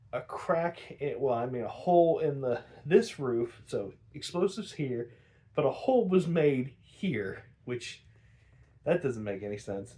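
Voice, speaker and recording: A man's voice: medium pitch, dark tone. Man, casual cartoon recap, rambling, laughs a lot, swears. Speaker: podcast host recapping a cartoon episode.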